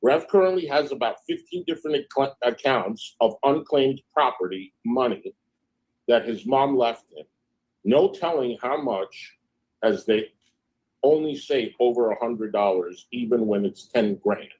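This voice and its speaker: Brief: male livestream host, husky voice, gossipy recap of messages, loose "I said, she goes" delivery. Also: medium pitch, expressive, unhurried, darkish tone, rough recording. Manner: reads out text messages in a chatty gossipy retelling; frequent fillers, "I said, she goes" storytelling. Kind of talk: casual livestream chat.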